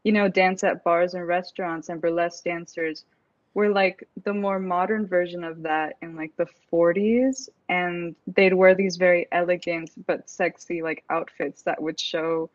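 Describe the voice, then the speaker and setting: A woman's voice: on the low side, steady tone, normal speed, no echo. A woman guest on a casual podcast, giggly and rambling with lots of fillers. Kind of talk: casual chat. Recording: slightly dull lo-fi audio.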